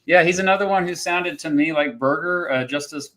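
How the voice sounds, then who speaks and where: A man's voice: on the high side, brisk, bright, forceful tone. A man hosting a casual livestream chat, talking in a chatty, hesitant way and laughing often. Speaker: host.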